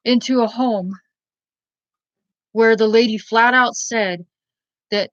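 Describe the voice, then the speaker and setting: A woman's voice: fairly high pitch, fairly even intonation, slow pace, dry recording. A woman in her forties telling a personal story in a candid, rambling way, full of fillers and restarts. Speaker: vlogger. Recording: dull lo-fi sound, dry.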